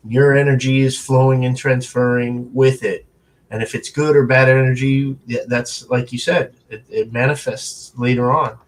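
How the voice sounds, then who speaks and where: A man's voice: mid-range voice, steady tone, moderate pace. A man speaking as an interview guest, earnest and reflective, often restarting his sentences. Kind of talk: casual conversational interview.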